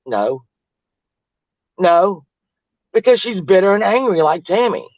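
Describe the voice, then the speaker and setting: A man's voice: high-pitched, very animated, slow pace, dry recording. A man chatting in a rambling, casual way on a livestream, laughing often and trailing off mid-thought. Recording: tinny phone-like dry audio.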